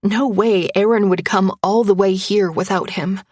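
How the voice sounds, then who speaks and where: A woman reading a first-person romance story aloud in a tense, breathy storytelling manner. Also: mid-range voice, steady tone, moderate pace, darkish tone, no room sound, clean studio sound. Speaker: narrator.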